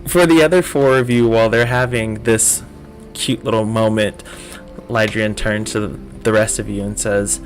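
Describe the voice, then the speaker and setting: Male GM, lower voice, loose filler-heavy narration over faint music. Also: fairly even intonation, moderate pace. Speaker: game master. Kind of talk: narrating a tabletop game.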